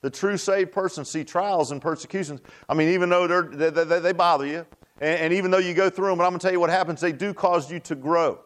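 Quick and a little high, a pastor's voice preaches a folksy, repetitive sermon, often tossing rhetorical "huh?" asides to the congregation.

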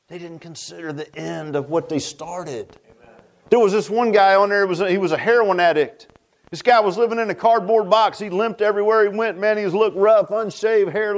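A man preaching a sermon in a folksy, emphatic way, swooping between high and low.

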